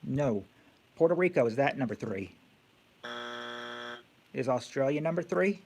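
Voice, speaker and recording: A man's voice: medium pitch, lively intonation, a little slow, noisy background. A man hosting a casual live-stream quiz game, thinking aloud with many fillers and restarts.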